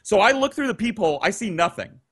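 A man telling a long story on a podcast, animated and profane, acting out the people he quotes, on a video call. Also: high-pitched, quick pace, slightly rough. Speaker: guest storyteller.

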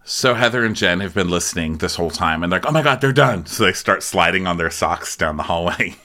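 A man's voice: low voice, a little fast, sharp tone. A man co-hosting a casual comedic recap podcast, wry and mocking, acting out quotes in a raised voice. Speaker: podcast co-host recapping a reality show.

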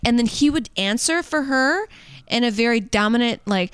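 A woman's voice: on the high side, moderate pace, smooth, dry recording. A woman co-hosting a podcast, telling frank stories in casual chat. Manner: candid, storytelling, frank. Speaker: podcast co-host; comedian.

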